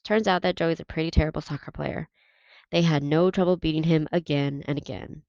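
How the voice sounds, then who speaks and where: A woman reading a novel aloud in a steady, plain narrating voice. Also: sits low, brisk, vocal fry, no room sound. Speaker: reader. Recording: dull, dry lo-fi recording.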